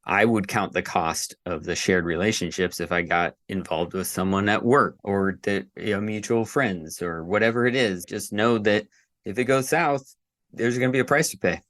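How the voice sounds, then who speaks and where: Earnest deep-voiced man giving advice. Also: normal speed, a bit bright. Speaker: podcast co-host. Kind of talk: casual podcast chat.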